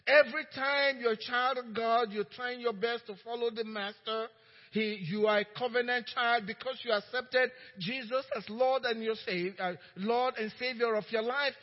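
A man preaching a sermon as pastor, shouting for emphasis and laughing between points. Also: extremely high pitch, steady tone, normal speed. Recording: dull sound with long hall reverb.

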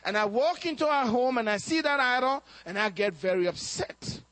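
Man preaching, pretty high voice, tells stories w little acted-out quotes, dry sound. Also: lively intonation, normal speed, a bit bright, no echo. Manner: storytelling with acted quotes and laughs. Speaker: pastor. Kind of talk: sermon.

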